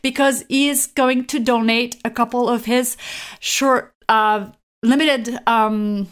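A woman's voice: a little high, steady tone, takes it slowly, clean tone. A woman hosting a podcast, chatting casually and often chiming in with agreement. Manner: friendly, with frequent affirming "yeah"s and light laughs. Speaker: podcast host.

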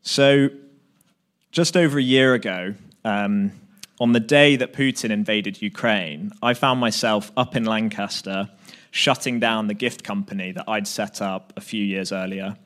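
Low-voiced man giving a chatty sermon. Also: fairly even intonation, a little slow, fairly bright tone. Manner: conversational, self-deprecating, with filler ums. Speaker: preacher. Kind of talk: sermon with personal storytelling.

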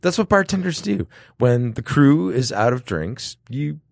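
A man's voice: medium pitch, sing-song, measured pace, creaky, dry recording, clean studio sound. A man hosting a podcast from a bar, joking, laughing and swearing in casual chat. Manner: laughing, swearing, jokey banter. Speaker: podcast host.

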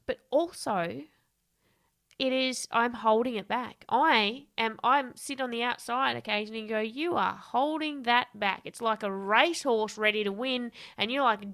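Bright-voiced woman telling stories. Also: a little high. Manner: lively, candid storyteller who swears freely and laughs often. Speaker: podcast guest, coach and speaker. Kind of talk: casual interview storytelling.

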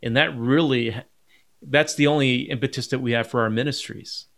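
A man's voice: mid-range voice, fairly even intonation, moderate pace, creaky, a bit bright. A man hosting a podcast, responding in an encouraging way and searching for words as he talks. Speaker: podcast host. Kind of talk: conversational podcast.

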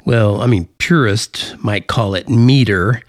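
A man's voice: fairly low pitch, takes it slowly, dry recording, clean studio sound. An American man hosting a solo podcast, explaining a topic in a casual, jokey way with fillers and self-corrections. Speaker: podcast host.

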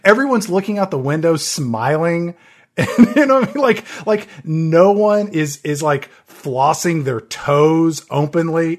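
A man's voice: on the high side, animated, a little slow. A man co-hosting a casual movie-review podcast, full of wry, sarcastic asides. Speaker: podcast co-host.

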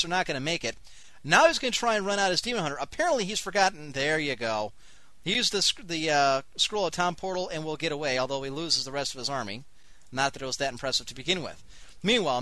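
A man's voice: sits high, pushed and bright, dry recording. A man hosting an online radio show, giving live commentary on a strategy game with wry, sarcastic asides. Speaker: host and game caster.

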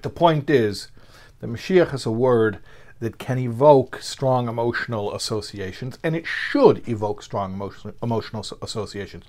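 A man's voice: mid-range voice, animated, moderate pace, a little mellow. A man teaching a Torah lesson in a conversational lecture style, with frequent fillers and restarts. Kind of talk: spoken lecture.

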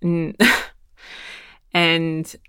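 A woman's voice: low voice, completely flat delivery, drawn-out words, a bit bright, clean tone, dry recording, studio quality. A woman in her thirties from Texas telling a rambling, wry story in casual monologue, swearing lightly and laughing as she goes. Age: 30s.

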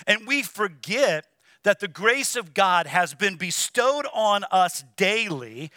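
Bright, animated male preacher. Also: sits high, no room sound, clean studio sound. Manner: animated preaching with quoted asides. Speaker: pastor. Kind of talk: sermon. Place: church.

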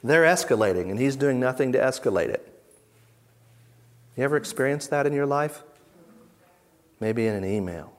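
A man of ordinary middle pitch teaches a gathered audience in a conference session. He talks with emphasis and throws out rhetorical questions. His delivery swings between loud, driving lists and soft, hushed remarks. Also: lively intonation, normal speed, long pauses. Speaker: Bible teacher.

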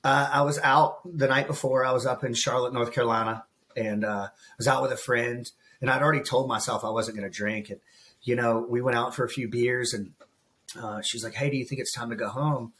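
A man's voice: medium pitch, fairly even intonation, fairly quick, fairly bright tone. Earnest man speaking with raw emotion. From United States. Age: about 40. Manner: emotional, earnest, calls the host bro and man. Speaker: guest, transformation coach. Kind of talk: candid podcast interview.

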